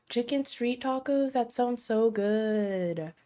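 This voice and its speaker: A woman's voice: fairly high pitch, takes it slowly, warm tone. Giggly, chatty American woman streamer. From United States. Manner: bubbly, self-deprecating, laughs often. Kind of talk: casual live-stream chat.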